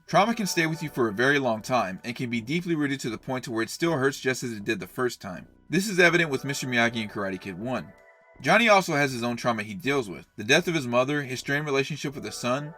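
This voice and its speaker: A man's voice: medium pitch, pushed and bright. A man narrating a scripted analytical video essay in an earnest, explanatory way.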